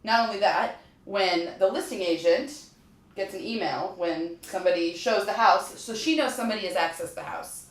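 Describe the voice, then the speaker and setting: A woman real estate agent chatting casually, telling anecdotes with quick asides. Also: medium pitch. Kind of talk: casual chat. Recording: roomy echo, distant mic.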